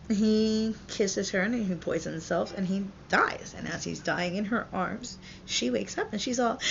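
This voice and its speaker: A woman vlogger tells a story in a blunt, chatty, foul-mouthed way, like a parent venting. Her voice is gravelly at mid pitch. The recording is dull and lo-fi with faint hiss. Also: unhurried, few pauses. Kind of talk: irreverent storytelling retelling.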